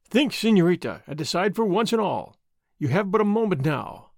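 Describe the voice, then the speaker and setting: Storybook: man as daring masked outlaw, high, lively, mocking defiance. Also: normal speed, creaky, no echo, clean studio sound, exaggerated voice. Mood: earnest. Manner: defiant, taunting, dramatic. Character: bold dashing masked outlaw hero, mocking. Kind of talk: audiobook character voice.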